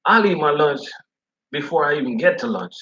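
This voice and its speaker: A man who is a food service delivery driver, chatting casually in slangy, animated talk. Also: fairly high pitch, brisk, highs cut off, slight background noise. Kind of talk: casual chat.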